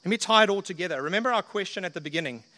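A man with a high-pitched voice preaching a sermon, earnest and conversational, often turning to his listeners with questions. His voice rings with the long reverb of a church hall. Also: animated, rapid-fire, bright, forceful tone. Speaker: pastor.

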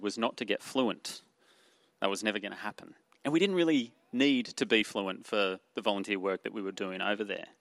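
A man's voice: mid-range voice, a bit bright, no echo. A man with an Australian accent preaching a sermon in an earnest way, asking rhetorical questions and using fillers.

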